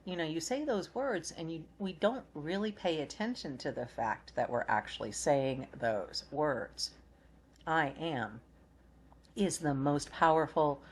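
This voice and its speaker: A woman's voice: low-pitched, a little hiss or hum. A middle-aged woman giving a spiritual oracle card reading in a soothing, reflective way, often repeating her phrases.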